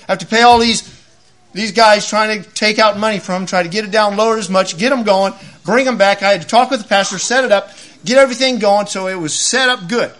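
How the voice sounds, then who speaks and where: High, bright-voiced man preaching. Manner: animated, acts out voices in his stories. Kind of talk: sermon with storytelling.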